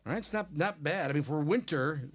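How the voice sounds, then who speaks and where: A man with a Chicago accent hosting a live sports card break, chatty and animated, laughing often. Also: a little high, normal speed. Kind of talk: casual live-stream chat.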